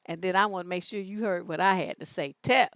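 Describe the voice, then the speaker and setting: A woman's voice: on the low side, no room sound, studio quality. A woman hosting a live-stream show as a relationship coach, talking bluntly with plenty of profanity and sass, stretching out words for emphasis. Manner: animated, drawn-out emphasis.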